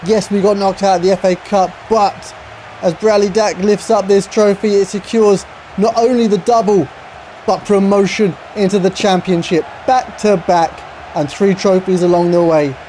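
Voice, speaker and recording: An excitable young man calls a football game as he plays, his voice sitting a touch high. The tone is mellow and soft, with a faint hum of noise behind him. He jumps from loud cheers to quiet mumbling. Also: moderate pace. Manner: excitable, swings from shouting to muttering. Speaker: gaming YouTuber. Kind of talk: excited live game commentary.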